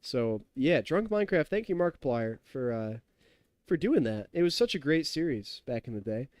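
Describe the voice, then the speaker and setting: A man's voice: mid-range voice, big pitch swings, moderate pace, darkish tone, dry recording, clean studio sound. A tipsy young man in his twenties streaming a game, rambling and chatty, laughing and talking to his chat. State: tipsy from drinking. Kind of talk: casual live-stream chat while gaming.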